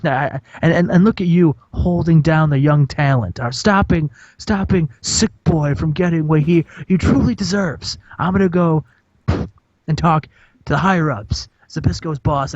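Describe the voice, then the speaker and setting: A man's voice: a little high, husky, no echo. A man voicing a cocky, self-pitying male champion wrestler who complains of being cheated. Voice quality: indignant, raised voice. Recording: dull dry lo-fi mic.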